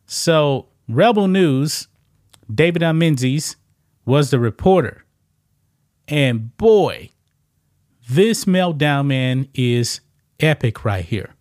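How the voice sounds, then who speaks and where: A man's voice: fairly high pitch, very animated, slow, pauses often, a little mellow, dry recording, clean studio sound. A man giving casual reaction commentary on a video clip, repeating himself and often saying "man". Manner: casual, repetitive, says "man" a lot.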